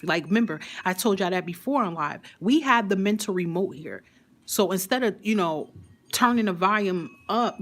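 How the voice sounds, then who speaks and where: A woman giving a casual live card reading, chatty and emphatic, with slangy talk and frequent laughter. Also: mid-range voice. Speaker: tarot and affirmation card reader.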